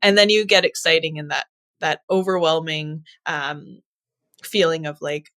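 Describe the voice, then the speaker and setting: An earnest woman talks about breeding dogs in a relaxed podcast chat. Her voice is bright and clear, and her animated speech is full of fillers. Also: deep voice, unhurried. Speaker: dog breeder guest. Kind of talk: casual conversation.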